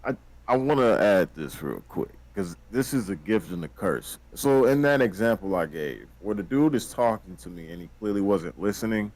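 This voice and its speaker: A man co-hosting a podcast in casual chat, blunt and animated, laughing often. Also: lowish voice, normal speed, dry recording, rough recording. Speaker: podcast co-host.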